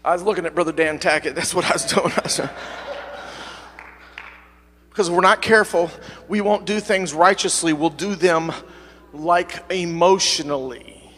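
A middle-aged man preaching a sermon as pastor, swinging from fervent shouting to quieter, conversational talk. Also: high-pitched, normal speed, pauses often, long reverb tail. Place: church sanctuary, at the pulpit.

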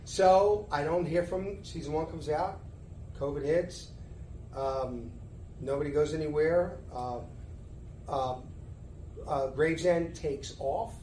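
A middle-aged man with a Philadelphia accent, a guest telling stories in a casual interview, lively and acting out the lines of others. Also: fairly high pitch, takes it slowly, long pauses. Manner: animated storyteller who acts out dialogue. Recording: roomy echo, faint background noise.

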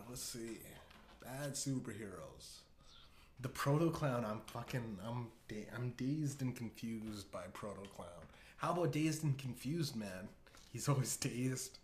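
Rambling, profane man in an echoey room. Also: medium pitch. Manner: rambling, profane, lots of restarts. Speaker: host. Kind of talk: casual comedic riffing. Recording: echoey room with faint hiss.

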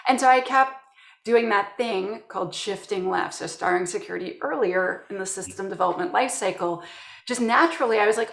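A woman's voice: fairly high pitch, fast, gravelly, reverberant. A woman from Canada, a security professional, telling work stories in an interview and acting out quotes from colleagues. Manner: animated storyteller, acts out quotes. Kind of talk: conversational interview.

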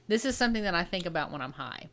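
A woman's voice: fairly low pitch, sing-song, rapid-fire, a bit bright. A young adult woman co-hosting a podcast, rambling through a casual chat, laughing often and restarting her sentences. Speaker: podcast co-host.

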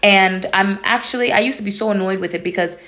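A woman's voice: mid-range voice, fast talker, sharp tone. A young woman from Atlanta hosting a casual solo podcast, talking in a blunt, candid, matter-of-fact way. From Atlanta, USA. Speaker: podcast host.

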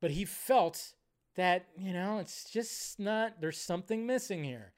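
Man, high-pitched, animated live movie-show host, casual ranter who swears and swings from loud to hushed. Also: a little slow, clear, resonant tone. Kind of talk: casual live-stream rant.

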